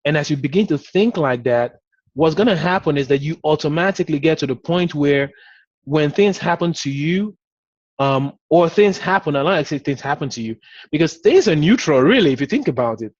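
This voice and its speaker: A man's voice: a little high, animated, a little fast, dry recording. Man coaching in a dry, muffled recording. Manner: conversational and encouraging, many "you know" fillers. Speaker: business coach. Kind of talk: motivational talk to an audience.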